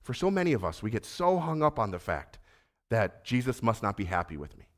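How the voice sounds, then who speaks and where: This male preacher acts out Jesus and Peter in his sermon, swinging between forceful urgency and quiet whispers. His voice is lowish, with big swings in pitch, and his pace runs slightly quick.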